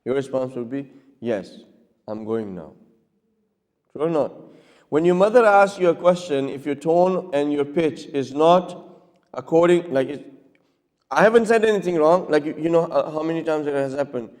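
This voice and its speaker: Male cleric-lecturer, fairly high voice, teaching tone, quizzes the room, echoing hall sound. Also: moderate pace, darkish tone. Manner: keeps checking with listeners, acts out little dialogues. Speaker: cleric giving a talk. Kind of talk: lecture with audience questions. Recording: long reverb of a hall.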